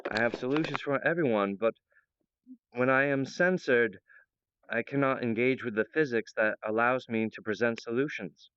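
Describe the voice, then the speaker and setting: A man's voice: medium pitch, normal speed, fairly bright tone, smooth, dry recording, dull audio. A man talking earnestly and meandering to his viewers about his project, with many fillers and restarts. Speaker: presenter of his own project. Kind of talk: rambling monologue to viewers.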